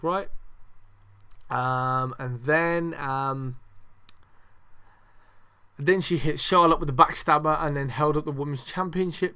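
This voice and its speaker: A man's voice: mid-range voice, bright, forceful tone. A young man hosting a casual review podcast, ranting and swearing freely with lots of fillers. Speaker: podcast host.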